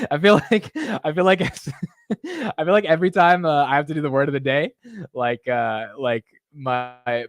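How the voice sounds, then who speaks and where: Excitable young male market streamer. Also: medium pitch, dry recording, studio quality. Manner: excitable, laughs and swears, jumps between calm and loud. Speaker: stock market livestream host. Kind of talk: casual live market commentary.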